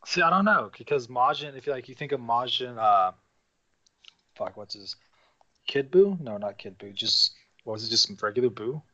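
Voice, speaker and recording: A man's voice: medium pitch, animated, normal speed, bright, forceful tone, no echo, dull audio. A man from the United States, co-hosting a podcast in laid-back, casual chat with frequent swearing and laughter. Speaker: podcast co-host.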